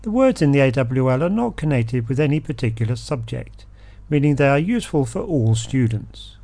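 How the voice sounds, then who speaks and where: A man hosting an educational podcast, reading a scripted explanation and a word list in a measured, steady way. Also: mid-range voice, creaky, dry recording. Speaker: podcast host.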